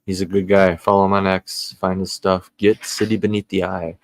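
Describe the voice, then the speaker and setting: A man's voice: low-pitched, flat delivery, normal speed, dry recording. A man co-hosting a casual podcast, laid-back and enthusiastic, with easy slang. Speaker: podcast co-host.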